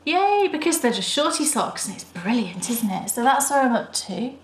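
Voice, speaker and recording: A British woman co-hosting a knitting podcast, chatting and gushing warmly over her projects. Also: on the high side, sing-song, normal speed, a little hiss or hum. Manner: chatty and enthusiastic, gushing praise. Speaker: podcast co-host. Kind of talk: casual chat. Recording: roomy echo.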